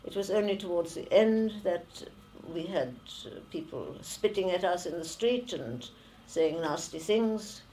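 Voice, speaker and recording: A woman in her nineties with a German accent, giving oral history testimony slowly and haltingly, with many pauses and fillers. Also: on the low side, lively intonation, mellow, a little hiss or hum, low-quality recording. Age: 90s. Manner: slow and halting, with frequent fillers. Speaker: interviewee, former refugee.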